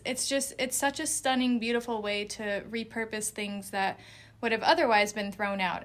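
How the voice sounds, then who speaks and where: A woman guest on a podcast, talking casually in an animated, giggly way with sudden jumps in pitch. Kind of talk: casual conversation.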